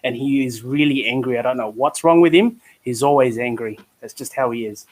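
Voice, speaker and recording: A man's voice: mid-range voice, a little fast. Rambling Australian man, casual chat. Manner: rambling, self-deprecating storyteller with many restarts. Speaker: community hangout participant.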